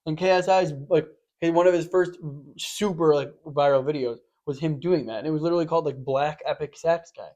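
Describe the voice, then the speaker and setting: A young man in casual podcast chat with a somewhat high voice. He rambles through stories full of fillers and restarts. When he quotes people, he bursts into loud, lively impressions. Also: fairly quick, few pauses, muffled recording. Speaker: podcast co-host.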